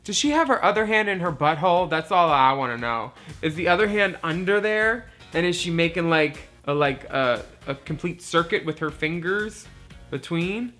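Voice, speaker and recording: Brief: profane comedy host in his forties, crude and mocking, bright, forceful tone, faint music behind. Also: fairly high pitch, animated, normal speed. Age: 40s. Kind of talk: raunchy comedic video commentary.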